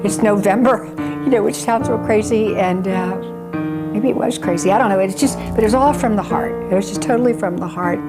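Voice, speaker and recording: A woman's voice: medium pitch, brisk, over loud music. An older woman, a charity founder, telling her story in an earnest, rambling way with frequent restarts. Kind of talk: personal storytelling interview.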